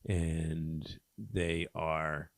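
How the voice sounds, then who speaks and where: A man's voice: rumbling low, steady tone, very slow, creaky, dry recording. A man tutoring, walking through a poem line by line, with frequent ums and okays as he explains. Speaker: test prep tutor. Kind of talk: poem walkthrough lesson.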